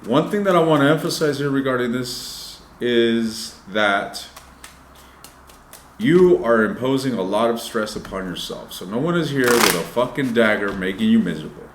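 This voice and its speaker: A man's voice: medium pitch, expressive, normal speed, roomy sound, a little hiss or hum. A man giving a casual, loose tarot reading, swearing freely and talking straight to his viewers. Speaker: tarot reader.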